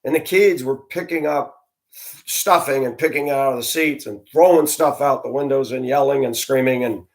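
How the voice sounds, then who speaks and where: A man's voice: medium pitch, normal speed. A middle-aged man, a former school bus driver, telling a personal story in a conversational way and speaking straight to his listeners. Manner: conversational, addresses listeners directly, acts out dialogue in his telling.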